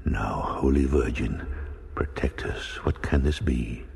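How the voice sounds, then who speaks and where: A man voicing a terrified, superstitious ship captain who prays and pleads in hushed, breathless tones, with a long reverb around the voice. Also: extremely low pitch, slow, heavily acted. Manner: fearful, whispered prayers, pleading. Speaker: character in audiobook.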